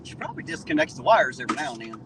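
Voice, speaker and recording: A man with a southern Ohio accent hosting a casual live stream from his car, loud and joking, reading out chat and swearing freely. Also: mid-range voice, animated, very fast, background noise. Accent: southern Ohio, Appalachian-tinged. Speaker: livestream host. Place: in a car at night.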